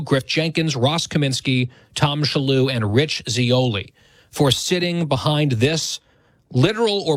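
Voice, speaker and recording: A man's voice: mid-range voice, no room sound. A man in his thirties hosting a radio talk show, speaking in a conversational, self-deprecating way.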